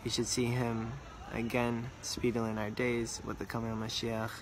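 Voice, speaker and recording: A man telling a religious story earnestly, repeating words for emphasis and slowing down on details. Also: medium pitch, completely flat delivery, slight background noise.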